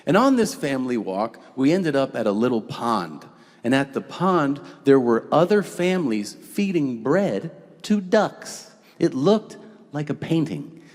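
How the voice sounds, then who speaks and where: A man in his forties doing a stand-up comedy set, telling stories in an exasperated, animated way with sudden yelps. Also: medium pitch, measured pace. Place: large comedy venue stage. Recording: live hall reverb with crowd. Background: audience laughter.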